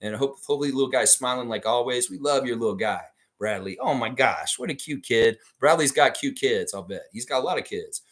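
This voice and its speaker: A man's voice: medium pitch, expressive, fairly quick, few pauses, a bit bright. A man hosting a live stream, chatting casually and reading viewer comments aloud with rambling, opinionated takes.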